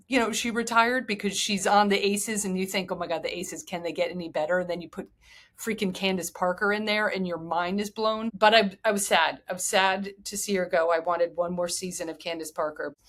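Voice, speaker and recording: An excited woman in middle age hosts a sports podcast on her own. She talks eagerly and goes off on heartfelt tangents, her voice pitched right in the middle. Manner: enthusiastic, digressive, emotional. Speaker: podcast host. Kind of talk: solo sports podcast talk.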